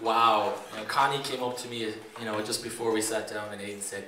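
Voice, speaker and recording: A man's voice: fairly low pitch, level tone, brisk, few pauses. Irish best man, 30s, loose and jokey; distant mic in a noisy reception room. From Ireland. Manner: joking and rambling, laughing often. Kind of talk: wedding toast speech. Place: wedding reception venue. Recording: roomy echo, distant mic, background noise.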